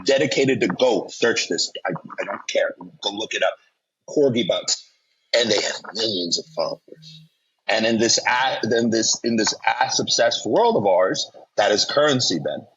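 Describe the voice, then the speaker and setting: Casting note: laid-back guy, husky low voice, crude jokey podcast host, lo-fi sound. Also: lively intonation, normal speed, a bit bright. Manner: joking, profane, laughs a lot. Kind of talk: casual chat. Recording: dull lo-fi sound.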